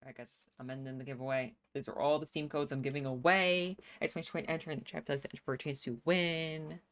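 A woman's voice: sits low, fairly even intonation, fast. A woman streaming a life-sim game, chatting casually, reading chat aloud and laughing often.

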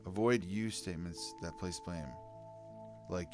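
A man's voice: sits low, normal speed, music in the background. A man reading anger-management tips aloud and commenting on them candidly, in a casual vlog. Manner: reads advice aloud then comments candidly, with sighs and laughs. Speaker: vlogger. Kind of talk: casual self-help video reading and reacting.

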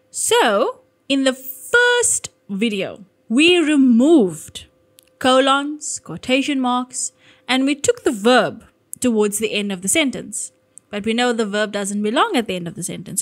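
A woman gives an online grammar lesson in a somewhat high voice. She stays upbeat and walks through each step aloud. Now and then she corrects herself mid-sentence. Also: a bit bright. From South Africa. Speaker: teacher.

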